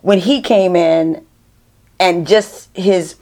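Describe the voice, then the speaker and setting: A middle-aged woman interviewing a guest in a casual, animated chat, full of restarts. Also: on the low side, drawn-out words. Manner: chatty, animated storytelling with many restarts.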